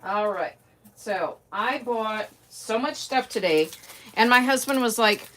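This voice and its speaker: A woman's voice: fairly high pitch, animated, slow pace, fairly bright tone, slight background noise. A middle-aged woman chatting casually on a live stream, greeting viewers by name and trailing off with fillers. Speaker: livestream host.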